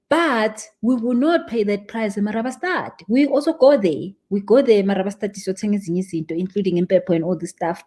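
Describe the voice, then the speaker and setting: A young woman coaching a live-stream audience, animated and emphatic, stressing points by repeating words. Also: on the high side. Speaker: spiritual business coach.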